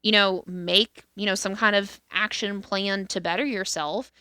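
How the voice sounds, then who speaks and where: A woman's voice: medium pitch, fairly even intonation, a little slow, bright, forceful tone, smooth, no room sound, studio quality. A woman co-hosting a podcast in casual, candid chat, swearing freely and restarting her sentences often. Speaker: podcast co-host.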